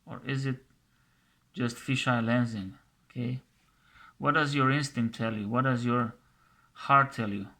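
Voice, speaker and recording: A man's voice: medium pitch, steady tone, unhurried, pauses often, sharp tone. A man commenting scornfully over a video he plays, mocking and scolding its makers and often repeating himself.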